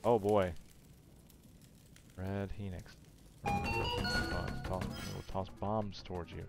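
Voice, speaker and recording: A man's voice: deep voice, level tone, slow pace, vocal fry, over loud music. A man streaming a retro game live, chatting with viewers, joking and muttering his moves under his breath. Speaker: gaming streamer. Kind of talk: live gameplay commentary.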